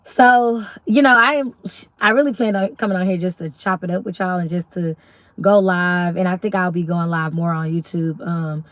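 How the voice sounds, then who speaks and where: A woman's voice: moderate pace, no echo. A young woman from Arkansas with a Southern accent, chatting casually and rambling on a live stream as a YouTube host. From Little Rock, Arkansas. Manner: chatty, rambling, faith-filled talk with lively pitch jumps.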